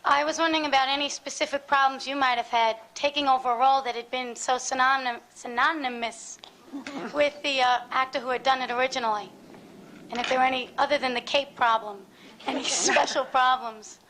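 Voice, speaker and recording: A woman's voice: sits high, fairly even intonation, a little fast, crowd noise, poor audio. A woman in the audience asking a question, chatty and a little flustered. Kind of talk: question from the floor.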